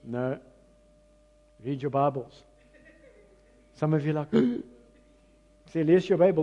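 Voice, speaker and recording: A South African pastor preaching a sermon with an Afrikaans-mixed accent. He talks to the congregation conversationally, pokes fun at himself, and swings between loud, emphatic lines and hushed ones. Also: fairly high pitch, measured pace, pauses often. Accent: South African, mixing in Afrikaans. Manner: self-mocking, conversational asides to the congregation.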